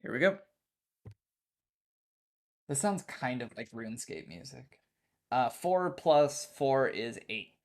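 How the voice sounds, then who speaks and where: A man's voice: medium pitch, expressive, slow pace, vocal fry, long pauses. A man narrating as game master of a tabletop game, casual and profane, with many fillers and restarts.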